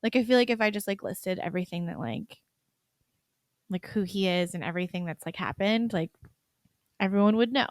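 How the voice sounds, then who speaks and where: A woman hosting a podcast in relaxed, chatty conversation, her speech packed with "like" fillers. Her voice sits at an ordinary middle pitch for a woman. The recording is dry and close, with no room sound. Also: fairly quick, long pauses, no room sound. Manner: chatty, heavy use of "like" fillers. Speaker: podcast host. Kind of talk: casual chat.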